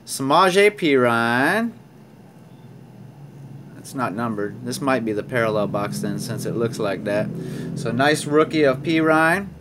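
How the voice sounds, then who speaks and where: Animated yet measured in pace, a man with a medium-pitched, fairly bright tone narrates opening sports card packs over slight background noise. His chatty commentary includes reading card names aloud and small bursts of laughter.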